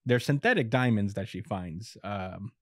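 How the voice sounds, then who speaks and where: A young man co-hosts a podcast, recapping a manga chapter in a relaxed, casual way, chuckling often and acting out quotes in quick bits. His voice sits on the low side, expressive and fairly bright. The podcast mic gives dry, studio-quality sound with no echo.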